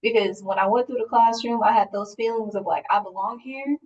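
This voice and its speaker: A woman's voice: mid-range voice, steady tone, brisk, darkish tone, far from the mic, lo-fi sound, slight background noise. A young adult woman hosting a podcast, talking casually with lots of "like" and light laughs. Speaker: podcast host. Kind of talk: casual interview chat.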